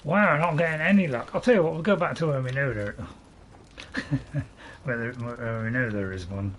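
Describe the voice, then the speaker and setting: A man's voice: medium pitch, normal speed, fairly bright tone, slight background noise. A man giving casual, rambling commentary while playing a game, chuckling to himself now and then. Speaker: gaming video host.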